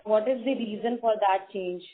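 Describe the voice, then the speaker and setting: A woman's voice: mid-range voice, moderate pace. A female analyst pressing precise questions on an earnings call, over a tinny phone line with faint noise. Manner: persistent, precise.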